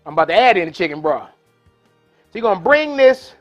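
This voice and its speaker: A man's voice: high-pitched, big pitch swings, normal speed, soft background music. A man hosting a live cooking demonstration in a kitchen, talking casually and folksily to his viewers. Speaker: cooking show host. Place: kitchen with induction burner.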